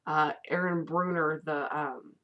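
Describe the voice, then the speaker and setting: A woman's voice: sits low, fairly even intonation, unhurried, muffled recording. A woman vlogger in casual, rambling chat reviewing a favorite movie, with the odd casual swear.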